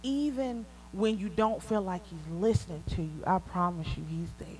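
Southern woman preaching with easy warmth. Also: mid-range voice, normal speed, a little hiss or hum, low-quality recording. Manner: conversational, laughing, rising to excited peaks. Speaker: prophetess preaching. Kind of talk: sermon.

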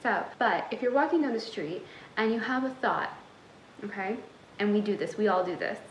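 A woman's voice: mid-range voice, expressive, normal speed, slight background noise. Sassy tough-love woman coach, echoey room. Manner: sassy, tough-love, talks straight to the viewer. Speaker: manifestation coach. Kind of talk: motivational talk to camera.

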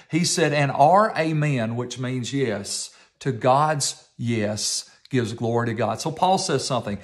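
Male pastor, mid-pitched voice, emphatic sermon delivery with repetition. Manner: emphatic preaching with repetition and slowed stress.

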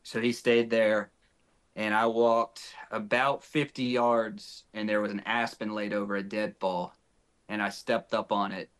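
A young man from north Texas, a podcast guest, telling a story in casual chat and acting out the quoted dialogue. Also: fairly low pitch. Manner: animated, acts out quoted dialogue.

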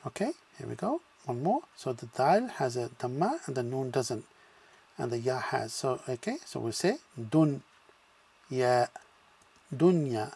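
A man's voice: mid-range voice, sing-song, moderate pace, vocal fry, darkish tone, husky. A man teaching a beginners' language lesson, patiently sounding out syllables one at a time and then blending them into words, with frequent "okay" check-ins. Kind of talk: slow spoken lesson with drills.

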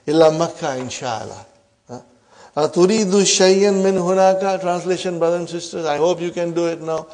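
A man runs an Arabic grammar class, repeatedly quizzing his pupils with a quick "huh?" and greeting them as brothers and sisters. His voice leans high and has a darkish tone.

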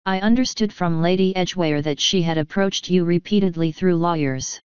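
A polite, perplexed detective speaks softly and deliberately, played by a woman reading aloud. Her voice is low-pitched and very clear. The sound is dry with no room echo. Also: natural voice. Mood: puzzled. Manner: soft, thoughtful, measured. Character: perplexed, polite male detective, middle-aged. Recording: dull dry recording.

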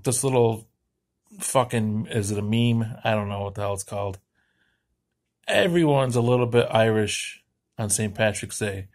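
An American man delivering a crude, profane comedic rant, heated and swearing constantly. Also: fairly low pitch. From United States. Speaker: vlogger.

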